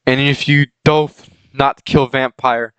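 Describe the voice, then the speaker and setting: A man reading as a melodramatic dark wizard villain. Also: mid-range voice, fairly even intonation, slow, clear, resonant tone, no echo, low-quality recording. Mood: threatening. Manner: archaic, melodramatic threats.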